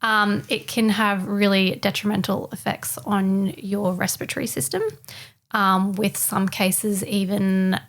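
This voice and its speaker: A woman's voice: mid-range voice, little pitch movement, measured pace, a bit bright. A woman on a casual panel chat, sharing a fact in a chatty, informal way. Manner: chatty and informal, says "kinda" and "like".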